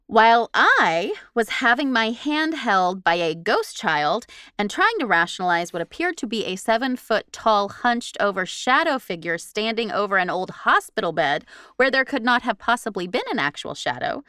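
A woman's voice: a little high, normal speed, hardly any pauses, clear, resonant tone, no echo, clean studio sound. A woman co-hosting a podcast, reading a listener's ghost story aloud with expression and laughing along. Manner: animated, laughing, reads with expression. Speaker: podcast co-host. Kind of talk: reading listener stories, casual banter.

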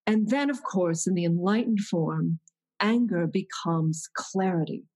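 A woman's voice: lowish voice, a little slow, darkish tone, rough recording. A woman teaching about meditation in a reflective conversation, thoughtful and searching, often restarting her sentences.

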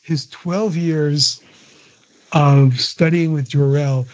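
A man's voice: fairly high pitch, fairly even intonation, extremely slow. An older man, a guest in a casual interview, talking in a digressive way with many restarts and chuckles. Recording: dull lo-fi audio.

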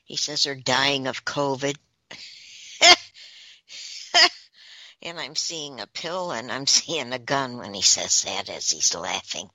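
A woman's voice: rumbling low, slow, long pauses, bright, forceful tone, no echo. A woman on a talk podcast, relaying messages she says she is receiving, in a casual chatty way. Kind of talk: casual channeling chat.

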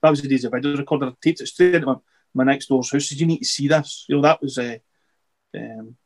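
A middle-aged man, a podcast guest, chatting casually and rambling with halting restarts and repeated words. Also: medium pitch, darkish tone. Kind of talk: casual interview chat.

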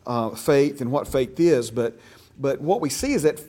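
A man's voice: mid-range voice, animated, moderate pace, warm tone. A man teaching a church discipleship class, stressing key words and asking the class questions. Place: church classroom, also streamed online.

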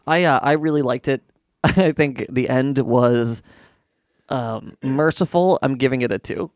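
A man's voice: mid-range voice, a little slow, no echo, clean studio sound. A man co-hosting a comedy podcast, chatting casually and teasing his friends. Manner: teasing, many fillers and restarts. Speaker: podcast co-host.

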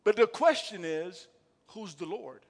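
A man preaching with a high, bright-pitched voice, calling out questions to his congregation and building to loud emphatic lines. His words ring out with a long hall reverb from the sanctuary. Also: lively intonation, unhurried. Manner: call-and-response preaching, rising to emphatic bursts. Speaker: pastor. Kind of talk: sermon. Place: church sanctuary.

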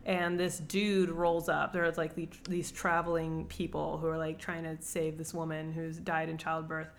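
A young woman co-hosting a casual book chat, animated and swearing freely. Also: deep voice, normal speed, slight background noise. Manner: animated, swears freely, acts out characters in quotes. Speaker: book club podcast co-host.

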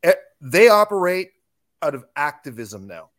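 A man's voice: a little high, very animated, moderate pace, fairly bright tone. Tired man on a fired-up rant. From Canada. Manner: swearing, fired-up ranting. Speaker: podcast guest, business owner. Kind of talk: ranting political chat.

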